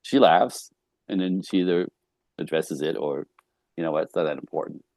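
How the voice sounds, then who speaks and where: A man's voice: sits low, normal speed, darkish tone, no echo. A man talking casually about relationships as a guest, laughing often and acting out quoted dialogue.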